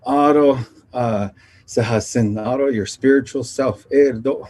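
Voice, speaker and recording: A man, from the Nation, sharing traditional teachings in a gentle, unhurried storytelling talk that pauses and circles back. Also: mid-range voice. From Navajo Nation.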